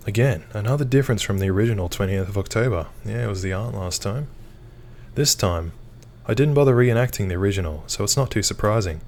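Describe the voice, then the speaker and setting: Low-voiced young man reading a game. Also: quick pace, darkish tone. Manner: easygoing asides between narration. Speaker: game reader and let's player. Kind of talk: reading a visual novel aloud with comments.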